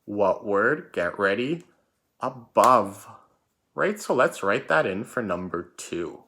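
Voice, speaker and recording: A man's voice: fairly low pitch, expressive, takes it slowly, pushed and bright, a little hiss or hum. A man teaching a recorded spelling lesson for children, patient and repetitive, calling out words and letters.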